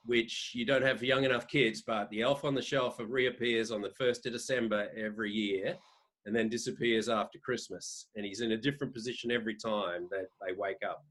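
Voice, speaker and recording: A man's voice: lowish voice, steady tone, normal speed, a bit bright. A man in his fifties with an Australian accent, a podcast guest telling anecdotes in a rambling way with many restarts. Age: 50s. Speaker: podcast guest, sports editor. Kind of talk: casual interview storytelling.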